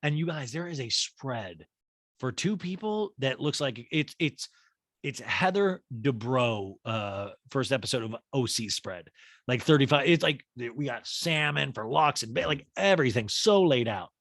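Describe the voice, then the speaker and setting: A man's voice: medium pitch, expressive, a little slow, fairly bright tone, dry recording. Rambling, self-mocking male podcast host. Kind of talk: comedic TV recap.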